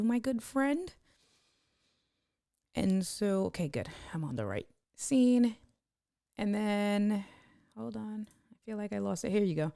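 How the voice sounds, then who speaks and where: A woman with a low, gravelly voice walks through streaming software in a loose live-stream tutorial. She thinks aloud as she works and drops in greetings to her viewers. The sound is close and dry, with no room echo. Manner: chatty, thinks aloud while clicking, greets viewers by name.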